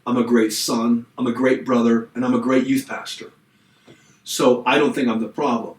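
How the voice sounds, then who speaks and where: A middle-aged podcast co-host tells a long personal story in casual conversation, animatedly acting out the voices of the people in it. His medium-pitched voice moves at a moderate pace but sounds reverberant and distant in a rough recording.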